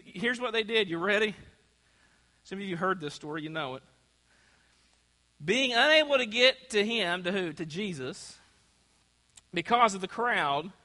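A man's voice: high-pitched, bright, forceful tone. A man preaching a sermon in a church, asking the congregation to call out answers. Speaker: pastor. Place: church sanctuary. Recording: long church hall reverb.

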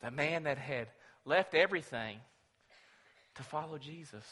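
A man preaching a sermon, telling the story dramatically and swinging between loud and hushed. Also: a little high, measured pace. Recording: long reverb of a large hall.

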